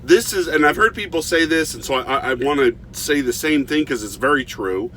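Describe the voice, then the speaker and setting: Middle-aged male reviewer, casual and animated, stumbles and restarts often, faint noise behind. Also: fairly high pitch, a little fast. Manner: animated storytelling with frequent restarts. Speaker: movie reviewer.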